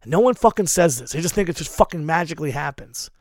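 A man's voice: on the high side, expressive, fast talker, no room sound, clean studio sound. A man in his forties who books hardcore shows, giving hard-driving advice with constant swearing and strong emphasis. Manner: emphatic, heavy swearing, drives points hard. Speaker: hardcore show booker. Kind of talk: profane advice rant.

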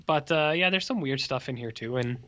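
A man's voice: medium pitch, a little fast, a bit bright. Joking man on a dull podcast mic. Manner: joking, rambling, slips into mock exclamations. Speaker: podcast co-host. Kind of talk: casual movie review chat.

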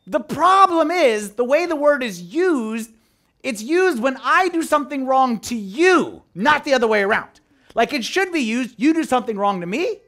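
Preaching a sermon as a priest, this man speaks with a very high pitch at a moderate pace. He's animated, performs the voices of those he quotes, and shifts between loud and hushed delivery.

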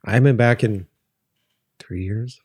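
A man's voice: on the low side, moderate pace, darkish tone, slightly rough. A man hosting a podcast, chatting in a friendly, easygoing way with frequent hesitations. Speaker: podcast host. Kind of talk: casual conversation.

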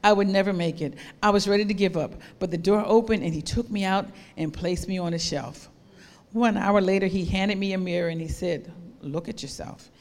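A woman's voice: medium pitch, fairly even intonation, fairly quick, a little mellow, close to an everyday voice. A woman voicing a talking teacup that tells in the first person how it suffered on its way from clay. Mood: pleading. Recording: long hall reverb.

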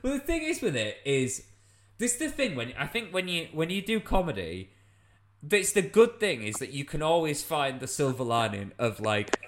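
A man's voice: a little high, very animated, moderate pace. A young British man, a comedian, telling a funny anecdote in casual chat, laughing as he goes. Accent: British English. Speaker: comedian guest.

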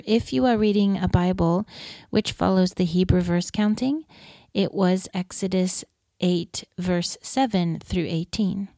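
Woman scripture reader, even and measured, lowish mellow tone, dry close sound. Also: no room sound. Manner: measured, steady reading aloud.

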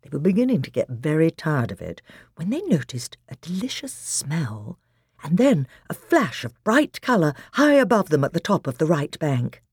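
A woman reads a children's story aloud in a low, slightly husky voice. Her delivery is expressive and lively, rising and falling freely. The sound is close and dry. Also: moderate pace, no echo. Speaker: audiobook narrator. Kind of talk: audiobook narration of a children's novel.

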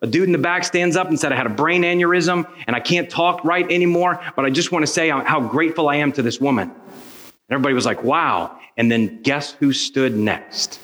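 A pastor telling a personal story in a sermon, acting out the voices of the people in it. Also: male voice, on the high side, a little fast. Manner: animated storyteller acting out dialogue.

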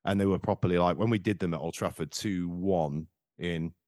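A man's voice: sits low, fairly quick, darkish tone, dry recording, studio quality. A man hosting a casual football podcast, telling rambling, jokey anecdotes. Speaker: podcast host.

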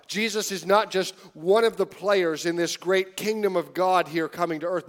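Guy preaching, chatty and lively, gets quiet for the big points, slightly high voice. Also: moderate pace, hardly any pauses. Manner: conversational, animated preaching that drops to hushed tones. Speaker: pastor. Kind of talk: sermon.

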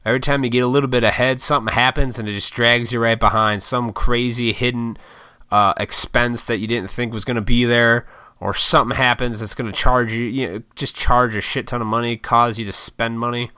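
Casual podcast host, American man, profane and rambling; bright, dry close-mic tone. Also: medium pitch, fairly even intonation, a little fast, smooth, no room sound. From United States. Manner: profane, rambling, frequent laughs. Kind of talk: casual solo podcast rant.

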